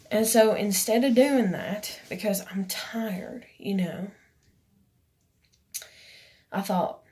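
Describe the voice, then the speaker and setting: A woman's voice: medium pitch, a little mellow. A woman, telling a personal story to camera in a rambling, emotional way with many fillers. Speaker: vlogger.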